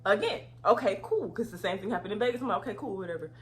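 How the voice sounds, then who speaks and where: Animated woman telling a storytime. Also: medium pitch, rapid-fire. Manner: animated, swings into loud outraged retellings. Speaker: vlogger. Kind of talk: casual storytime.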